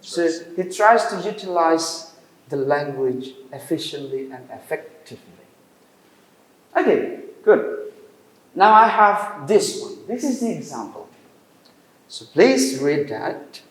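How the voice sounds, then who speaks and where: A man giving a university lecture in English, questioning the class with pauses and fillers. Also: a little high, big pitch swings. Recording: roomy classroom echo.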